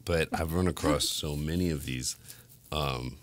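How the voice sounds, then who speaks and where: Very deep-voiced, blunt, profane man. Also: a little slow, dry recording. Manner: profane, blunt storytelling with frequent laughs. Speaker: podcast host. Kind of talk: casual chat.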